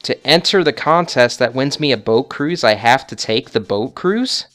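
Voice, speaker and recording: A man playing a video game and commenting casually, joking sarcastically with loud bursts of mock outrage. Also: mid-range voice, lively intonation, normal speed, soft background music. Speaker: video game let's player.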